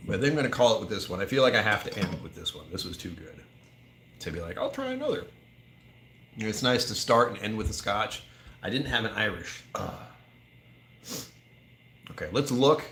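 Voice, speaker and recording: A man's voice: lowish voice, expressive, fairly quick, long pauses, a bit bright, slight background noise. A man hosting a casual live vlog from a whiskey store aisle, thinking aloud and laughing often. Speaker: whiskey channel host.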